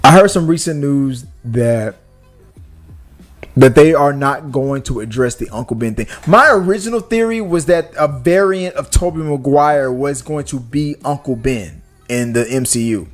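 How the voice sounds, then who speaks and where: A man's voice: mid-range voice, measured pace, soft background music. A young man hosting a podcast, chatting casually and rambling, with restarts and swearing. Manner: rambling and animated, with profanity and restarts. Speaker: podcast host. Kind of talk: casual chat.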